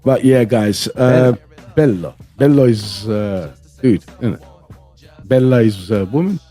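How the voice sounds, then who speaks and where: A man's voice: fairly low pitch, measured pace, warm tone, faint music behind. A man from a Greek background co-hosting a podcast, chatting casually and playfully. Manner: playful, jumps into silly voices. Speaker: podcast co-host. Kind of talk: casual chat.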